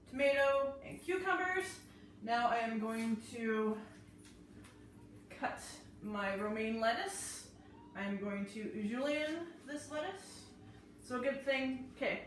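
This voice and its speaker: Woman doing a live cooking class, chatty, slightly high voice, slow talker, super echoey kitchen with the mic far off. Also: slight background noise. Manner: chatty, talks through each step.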